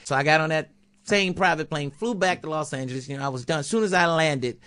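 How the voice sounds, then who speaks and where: A man guest telling a casual anecdote in a quick, excited retelling. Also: fairly high pitch, smooth.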